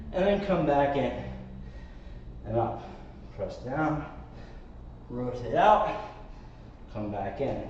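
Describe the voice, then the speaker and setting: A man's voice: a little high, a little mellow, slight background noise. Breathless male Pilates instructor, echoey room. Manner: coaching while exercising, counting reps. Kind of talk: live workout class instruction. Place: warm studio. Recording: echoey, distant, slightly muffled mic.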